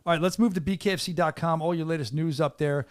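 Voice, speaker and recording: A man hosting a casual podcast from a small studio, talking with an excitable hype-man energy. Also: fairly high pitch, fast talker, dry recording. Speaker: podcast host and venue announcer.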